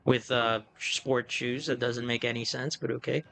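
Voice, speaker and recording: A man's voice: medium pitch, steady tone, normal speed, vocal fry, sharp tone. A man streaming a game, chatting casually and thinking aloud in a self-amused way. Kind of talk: casual live-stream commentary.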